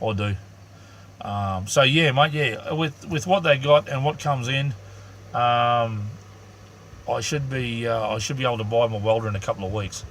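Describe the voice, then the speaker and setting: Casting: Australian bloke, mid-pitch, straight-talking live-streamer, faint hum behind. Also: male voice, normal speed, a bit bright. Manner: blunt, rambling, lots of ums. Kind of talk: casual live-stream chat.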